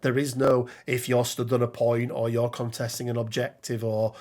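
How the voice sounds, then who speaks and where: A man's voice: medium pitch, completely flat delivery, normal speed, a little mellow. A man co-hosting a casual tabletop game discussion, chatty, with frequent ums and restarts as he reads out card rules. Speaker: podcast co-host.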